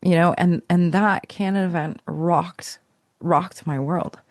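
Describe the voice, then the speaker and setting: A woman speaks as a podcast guest, recounting her own story with a gravelly edge to her voice. She talks in a reflective, searching way, restarting phrases and letting them trail off. The recording sounds dry and close. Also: fairly low pitch, steady tone, slow pace, a little mellow, no echo. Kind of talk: personal storytelling.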